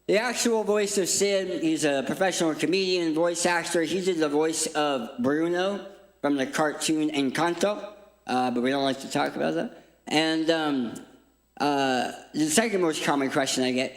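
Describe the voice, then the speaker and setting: High-voiced man with a speech impediment. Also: unhurried, a bit bright, roomy sound. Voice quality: permanent speech impediment from tongue reconstruction. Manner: jokey, self-deprecating storytelling. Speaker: guest speaker. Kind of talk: humorous inspirational church talk. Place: church auditorium.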